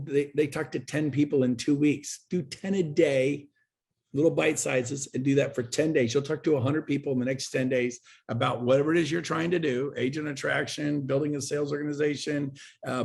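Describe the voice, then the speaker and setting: A man talking as a guest in an interview, pitching hard with emphatic, repetitive and urgent delivery. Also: gravelly, a little mellow. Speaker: guest, real estate agent and recruiter. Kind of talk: energetic sales pitch in an interview.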